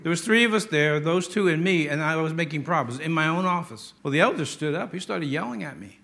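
An older man preaching a sermon as a pastor, emphatic and drawing out key words slowly for stress. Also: a little high, expressive, gravelly, sharp tone.

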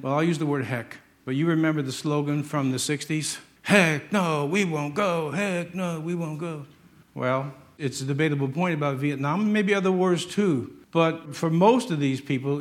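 Emphatic preacher with a raised voice. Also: male voice, a little high, fairly bright tone. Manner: emphatic, joking, acts out stories. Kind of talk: sermon.

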